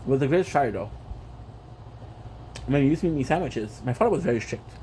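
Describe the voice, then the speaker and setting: A man's voice: medium pitch, animated, fast talker, warm tone, a little hiss or hum. A man chatting casually on a gaming livestream, playful and rambling, tossing in French phrases. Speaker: gaming streamer.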